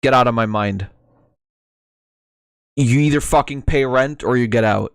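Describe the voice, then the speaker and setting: A man's voice: medium pitch, measured pace, gravelly, clean tone, dry recording. Crude, rambling male streamer, dry sound. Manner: rambling and crude, swears often. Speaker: streamer reacting to videos. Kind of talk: casual reaction commentary. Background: music from the video.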